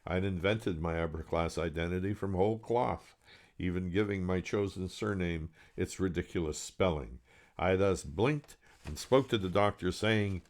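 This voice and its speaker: Low-voiced man reading his novel aloud. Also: moderate pace. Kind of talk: serialized book reading.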